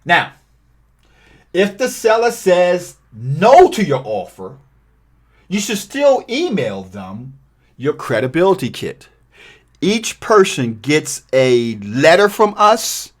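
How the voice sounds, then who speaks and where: A middle-aged man teaching a cold calling script in an energetic, emphatic way, sometimes acting out sample lines for callers. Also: on the high side, takes it slowly. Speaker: real estate investing coach. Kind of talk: training video walkthrough.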